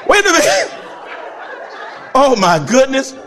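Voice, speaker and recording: Male pastor, sermon delivery, high voice, big swooping pitch, laughs a lot. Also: slow pace, a faint crowd, slight background noise. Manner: animated, laughing, swings between loud and soft.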